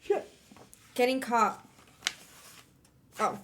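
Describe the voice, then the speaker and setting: A woman's voice: on the high side, animated, drawn-out words, fairly bright tone, a little hiss or hum. Young woman streamer reading a novel aloud. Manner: reads in first person, breaks off to laugh and curse. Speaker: streamer hosting a book club reading.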